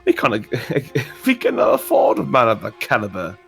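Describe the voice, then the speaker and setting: A man, a voice acting director, chatting in a rambling, self-deprecating way with many restarts, his voice croaky. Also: medium pitch, wildly swooping pitch, normal speed, fairly bright tone, soft background music. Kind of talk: casual stream chat.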